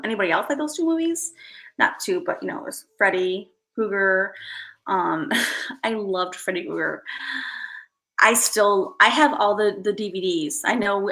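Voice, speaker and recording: A woman's voice: medium pitch, fairly bright tone, low-quality recording. A woman in her thirties chatting casually with her stream viewers, rambling and self-deprecating. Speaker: live streamer.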